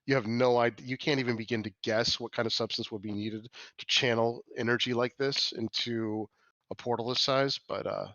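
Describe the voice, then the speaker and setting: A man game-mastering a tabletop session, describing the scene in a halting way full of restarts and corrections. His voice sits at a mid pitch. The sound is dry and a little muffled, as from a modest lo-fi mic. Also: fairly even intonation, fairly bright tone, dry recording.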